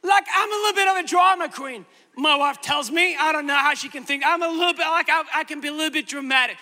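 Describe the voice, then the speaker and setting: A male preacher tells a funny story about himself in an animated, dramatic way. His voice sits very high and sounds strikingly bright and sharp. It rings out with the long reverb of a big hall. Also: fast talker. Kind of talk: sermon with comic storytelling.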